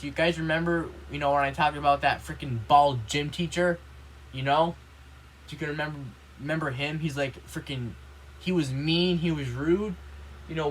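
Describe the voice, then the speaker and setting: A man's voice: on the high side, fairly bright tone, slight background noise, rough recording. A man vlogging in a casual, rambling monologue, indignant and complaining, filling every line with "you know" and "like".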